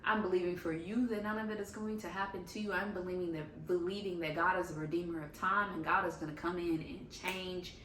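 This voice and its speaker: A woman's voice: fairly low pitch, steady tone, fairly quick, hardly any pauses, a bit bright, far from the mic, slight background noise. A young woman talking candidly in a casual confessional vlog, often saying "like" as she goes. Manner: candid and talkative, uses 'like' often. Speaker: faith vlogger. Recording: echoey room, faint ambience.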